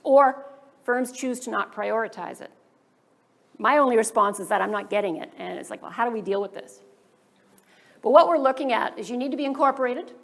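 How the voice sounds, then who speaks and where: A woman giving a workshop presentation to startup founders as a government funding advisor, briskly posing rhetorical questions to the audience. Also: fairly high pitch. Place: business school event room.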